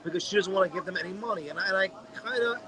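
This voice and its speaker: A young man co-hosting a podcast, telling animated stories in casual chat and swearing freely. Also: high voice, very fast, a crowd in the background, low-quality recording. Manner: animated storyteller, heavy swearing. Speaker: podcast co-host.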